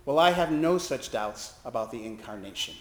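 Expressive preacher man in echoey church. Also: mid-range voice, normal speed. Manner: expressive, acting out quoted voices. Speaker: pastor and hospital chaplain. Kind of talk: sermon with storytelling. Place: church sanctuary.

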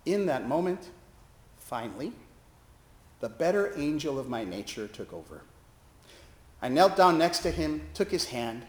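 A man's voice: fairly high pitch, a little slow, pauses often, reverberant. A male pastor preaching a sermon, telling a hospital story and acting out the voices in it. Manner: expressive, acting out quoted voices. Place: church sanctuary.

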